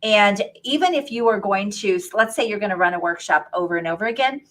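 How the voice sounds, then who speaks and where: A woman's voice: medium pitch, a little fast, fairly bright tone. A woman hosting as a business coach, giving enthusiastic, encouraging advice in casual chat.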